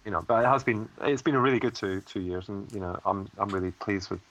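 A man co-hosting a relaxed podcast, easygoing and fond of teasing. His voice sits fairly low but has a bright tone. A faint background noise runs under the recording. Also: fast talker, rough recording. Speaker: podcast co-host. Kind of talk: casual chat.

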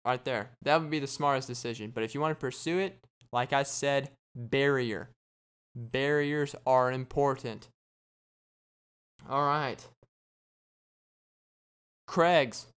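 A man hosting a podcast, giving a casual joking monologue in a deadpan way and acting out little imagined conversations. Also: mid-range voice, slow, long pauses, smooth. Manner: deadpan, joking, acts out quoted exchanges. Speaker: podcast host.

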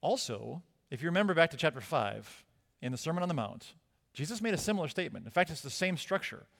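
A man's voice: on the high side, big pitch swings, fast, gravelly, a bit bright. Emphatic man preaching in a reverberant hall. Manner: emphatic, conversational preaching with rhetorical questions. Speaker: pastor. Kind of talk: sermon. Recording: long reverb of a church hall.

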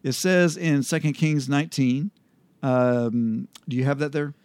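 A man hosting a casual Bible study chat, explaining scripture in a relaxed way with frequent ums and restarts. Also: mid-range voice, a little slow, clean tone, no echo.

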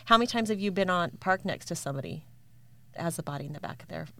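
A woman's voice: on the low side, expressive, quick pace, gravelly, pushed and bright. A woman co-hosting a podcast, explaining matter-of-factly in casual chat and reading a story aloud. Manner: matter-of-fact explaining, laughs often. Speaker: podcast co-host.

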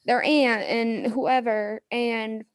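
A woman's voice: on the high side, steady tone, takes it slowly, dry recording, studio quality. A woman hosting a podcast, chatting casually and upbeat, using lots of "like.". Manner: upbeat, conversational, many "like"s. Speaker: podcast host. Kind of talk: casual interview chat.

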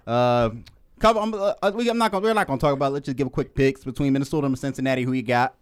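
A man's voice: medium pitch, very fast, clean tone. A man hosting a casual sports talk show, rambling and correcting himself, often laughing. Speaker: host.

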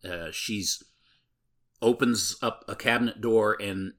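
A man with a deep, low voice recaps a movie in casual chat. His tone is bright and forceful, and he rambles with plenty of filler words. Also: slow pace.

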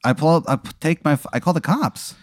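A man's voice: a little high, expressive, fast, no room sound, studio quality. A man in casual chat, answering a hypothetical by acting out his own panicked reactions and swearing freely. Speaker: podcast co-host answering a hypothetical.

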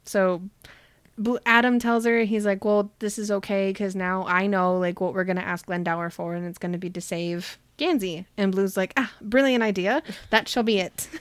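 Animated woman recapping a book, dry sound. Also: medium pitch, clean tone, no echo. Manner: animated retelling with quick voiced quotes and laughs. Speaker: podcast host recapping a book. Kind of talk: casual chat.

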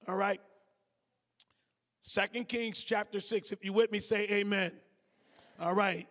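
A man preaching a sermon, reading scripture slowly and calling out to the congregation for responses. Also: sits high, a bit bright. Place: large church sanctuary. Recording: long hall reverb.

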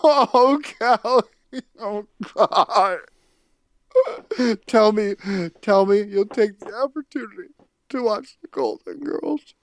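A podcast host hams it up with melodramatic wails and mock sobs, stammering through halting restarts. The delivery is slow and drawn out, and the sound is dry and close with no room echo. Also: mid-range voice. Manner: melodramatic wailing and mock sobbing. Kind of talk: improvised comedy role-play.

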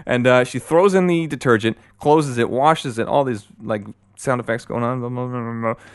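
A young man hosting a solo podcast, rambling and excitable with many fillers, and a bit out of breath. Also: mid-range voice, moderate pace, clear, resonant tone, no echo. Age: young adult. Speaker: podcast host.

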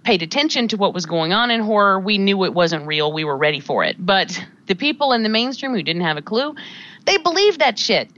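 A woman's voice: mid-range voice, lively intonation, a little fast, fairly bright tone, no echo. A woman co-hosting a horror podcast, talking emphatically and with strong opinions in casual banter. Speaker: podcast co-host. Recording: dull lo-fi sound.

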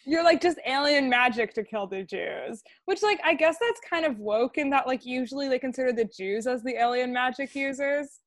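A high-pitched woman co-hosting a casual podcast. She gives sardonic, opinionated takes and fills her sentences with "like". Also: normal speed, few pauses, dry recording, clean studio sound. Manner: opinionated, frequent "like" fillers, sardonic. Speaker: podcast co-host. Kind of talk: casual chat.

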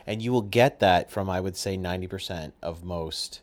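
A man from North America hosts a casual podcast chat in a very deep voice. He talks freely, often restarts his sentences and laughs easily along the way. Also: moderate pace. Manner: chatty, frequent restarts and laughter. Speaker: podcast host.

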